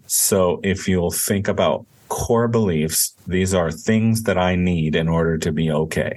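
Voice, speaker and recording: A man's voice: low-pitched, darkish tone. A man, a counselor, co-hosting a podcast and earnestly explaining ideas in a casual teaching style. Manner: earnest, explanatory, faith-based.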